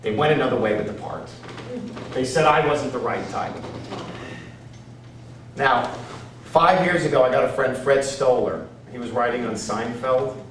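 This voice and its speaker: A man performing a one-man stand-up show, telling brash stories that swing between loud punchlines and quiet asides. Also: mid-range voice. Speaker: stand-up comedian. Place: stage in a theater. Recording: roomy, distant live stage recording with noise.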